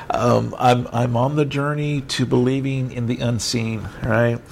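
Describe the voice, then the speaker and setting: Gravelly middle-aged man preaching casually. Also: mid-range voice, steady tone, unhurried, a little mellow, slight background noise. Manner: conversational and rambling, with self-mocking humor. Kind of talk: informal teaching sermon. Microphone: video call.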